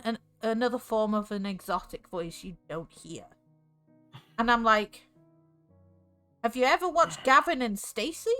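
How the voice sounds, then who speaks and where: A woman's voice: medium pitch, pushed and bright. A woman from north Wales with a North Welsh accent, chatting casually on stream in a rambling way, full of fillers. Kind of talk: casual chat.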